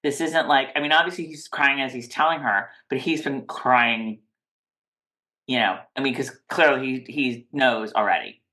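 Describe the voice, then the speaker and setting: A woman's voice: rumbling low, normal speed, sharp tone. A woman co-hosting a TV recap podcast, chatting casually and rambling with lots of "like" and restarts. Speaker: podcast co-host.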